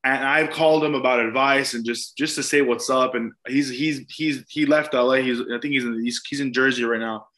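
A man who is a comedian and podcast guest, telling excited, profane stories and laughing often. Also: medium pitch, fairly quick, few pauses. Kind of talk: casual chat.

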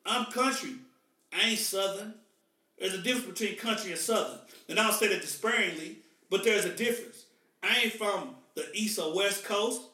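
A man's voice: sits high, bright, forceful tone. A man from the US Midwest hosting a podcast in casual, emphatic, slangy talk. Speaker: podcast host. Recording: echoey room, mic far off.

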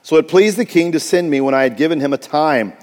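A man's voice: a little high, quick pace, darkish tone, big-room sound. A male pastor preaching a sermon, telling a story with frequent restarts and asides.

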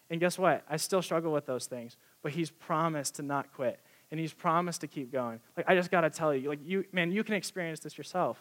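Young man, preacher, casual sermon, excited, chatty, slightly high-pitched. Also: brisk, few pauses. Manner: excited, conversational, with many "like" fillers.

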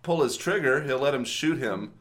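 A man's voice: medium pitch, animated, fairly bright tone. A man co-hosting a podcast, talking casually and often restarting his sentences. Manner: halting, restarts phrases. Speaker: podcast co-host. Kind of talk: casual chat.

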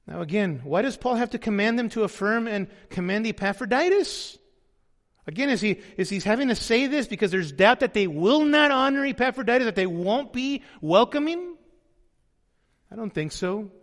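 A man's voice: sits high, animated, normal speed, fairly bright tone, in a large hall. A man preaching a sermon as pastor, earnest, sometimes voicing the people he quotes.

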